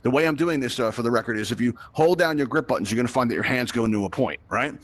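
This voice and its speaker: A man's voice: mid-range voice, racing. A man hosting a live virtual reality tutorial, talking a group through the controls in a chatty, upbeat way and checking in with them constantly. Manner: upbeat, chatty, addresses the crowd with frequent "right?" checks. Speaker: VR event host and instructor.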